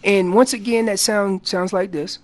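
A man on a radio show explaining elk calls in a folksy, animated way, acting out what the animals are saying. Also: high voice, moderate pace, noisy background. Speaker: elk calling guest expert. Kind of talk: casual radio interview explanation. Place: radio studio.

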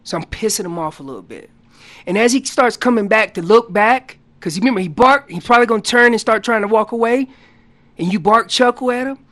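A man talks loosely and energetically as a radio guest teaching listeners about calling. He bounces between plain explanation and quick acted-out lines, with his pitch jumping around as he goes. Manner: animated, explanatory, acts out what the animals say; loose casual grammar. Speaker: elk calling champion guest. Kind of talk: instructional radio interview.

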